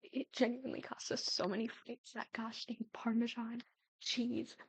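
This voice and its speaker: This Sims builder, a woman in her twenties, chats casually about family stories over gameplay, often lowering her voice to a whisper. Her voice is husky and a little high with little pitch movement, at normal speed, captured in a low-quality recording with no echo.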